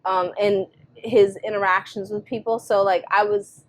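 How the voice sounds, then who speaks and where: A young woman co-hosting a casual podcast, speaking at an ordinary middle pitch. She chats freely and loosely, slipping into quoted dialogue from home life with lots of filler words. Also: little pitch movement, moderate pace. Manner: chatty, acts out her son and herself in quotes. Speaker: podcast co-host. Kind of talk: casual chat.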